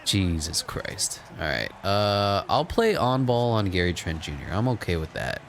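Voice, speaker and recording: A man giving casual, sarcastic running commentary while playing a video game, swinging between mocking asides and excited play-by-play. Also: lowish voice, gravelly, slight background noise.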